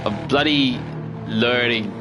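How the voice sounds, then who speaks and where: A man's voice: mid-range voice, takes it slowly, background noise. An Australian man chatting casually while streaming a racing game, laid-back and talkative. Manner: chatty and laid-back, often says "mate". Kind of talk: casual live-stream gameplay commentary.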